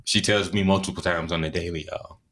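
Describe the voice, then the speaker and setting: Low-voiced relaxed man podcast co-host. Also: fairly quick. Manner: relaxed, easygoing, chuckling. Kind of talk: casual chat.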